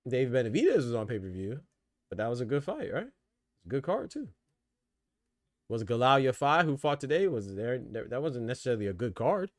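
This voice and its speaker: A man's voice: medium pitch, sing-song, a little fast, no room sound, studio quality. Slangy male boxing podcast host. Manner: loose slangy talk, laughs hard at jokes. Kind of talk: casual live commentary.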